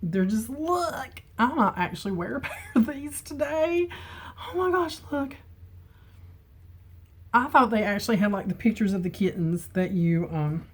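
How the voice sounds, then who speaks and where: A middle-aged woman chatting casually on camera from her home, emotional and quick to laugh. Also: medium pitch, animated, husky. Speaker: beauty vlogger. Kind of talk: casual chat. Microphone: camera mic with ring light.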